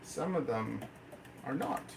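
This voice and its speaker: A man's voice: medium pitch, sing-song, slow pace, vocal fry. A man from Canada live-streaming from a room with his pet snakes, bantering playfully with his chat in a casual, joking way. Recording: roomy, echoey room with faint noise.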